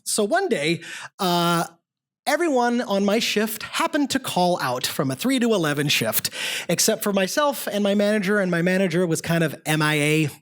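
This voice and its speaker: A storyteller performing live in a pub, talking at an average pitch. The delivery is chatty and self-mocking, broken up by quick asides that check in with the audience. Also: expressive, a bit bright.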